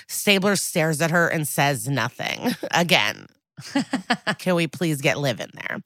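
A woman with a fairly low voice tells a story in a relaxed, chatty way, with a lot of fillers. She acts out quoted lines, and her pitch leaps up for each one. The sound is dry and close to the mic. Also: takes it slowly, no room sound. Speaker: podcast co-host recapping an episode. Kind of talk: casual chat.

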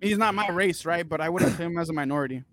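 A man's voice: a little high, fast, a bit bright, no room sound. A man co-hosting a casual sports podcast, blunt and profane. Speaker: podcast co-host.

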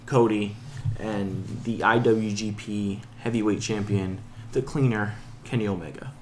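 A man in a casual podcast chat, talking in a relaxed way and laughing through his stories. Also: on the low side, a little slow, slight background noise.

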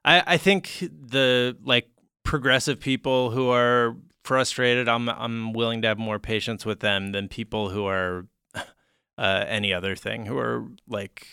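A man co-hosting a podcast, laid-back, with deadpan jokes and many fillers. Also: mid-range voice, measured pace, gravelly, smooth, dry recording, studio quality. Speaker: podcast co-host. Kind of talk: casual chat.

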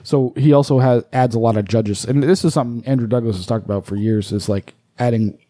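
A man co-hosting a casual podcast, explaining things in a relaxed, rambling way with frequent swearing. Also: medium pitch, fairly quick, no room sound. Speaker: podcast co-host.

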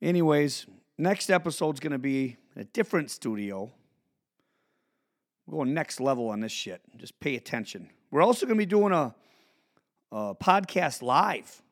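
Animated, profane man ranting on his podcast. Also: on the high side, normal speed. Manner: animated, profane, swings from mutters to shouts. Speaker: podcast host. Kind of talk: ranting monologue.

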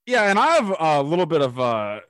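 Upbeat young man, crisp dry sound. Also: on the high side, very animated, brisk, fairly bright tone, no room sound. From Toronto, Canada. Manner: enthusiastic, hyperbolic, swears casually. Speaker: podcast host. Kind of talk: casual chat.

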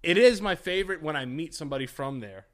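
A man's voice: on the high side, expressive, quick pace. A man co-hosting a podcast in crude, jokey casual chat, feeling sweaty and queasy from food poisoning. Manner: crude, jokey, swears freely. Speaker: podcast co-host.

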